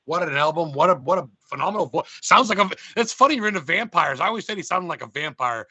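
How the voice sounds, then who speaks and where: A man hosting a podcast over a video call, chatting casually and excitedly, rambling and swearing a lot. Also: a little high, quick pace, breathy edge, no echo. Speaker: podcast host. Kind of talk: casual chat.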